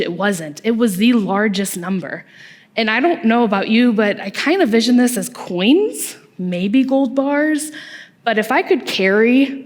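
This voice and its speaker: A young woman, a small group leader, giving a conversational youth-ministry sermon with asides and tag questions in a church hall. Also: a little high. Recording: long reverb from a large hall.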